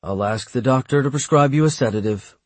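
A man voicing a stern woman military captain who speaks with calm, condescending sympathy. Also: mid-range voice, a little fast, dry recording, pitched above the performer's own voice, lightly acted. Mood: coolly dismissive.

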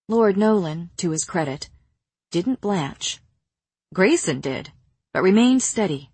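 Slow, breathy woman narrating a story. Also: fairly low pitch, lively intonation, a little mellow, no echo. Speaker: audiobook narrator. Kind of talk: audiobook narration.

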